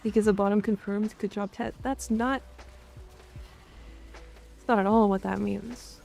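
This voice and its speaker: A woman's voice: medium pitch, steady tone, measured pace, gravelly, a little mellow, faint music behind. A woman streamer chatting playfully with her viewers in a casual live stream.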